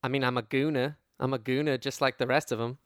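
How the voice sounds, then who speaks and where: A man's voice: mid-range voice, fairly even intonation, quick pace, fairly bright tone, clean tone, no room sound, clean studio sound. A man from Washington State co-hosting a casual comedy podcast, joking around and playing a mock British accent. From Kirkland, Washington. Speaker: podcast co-host.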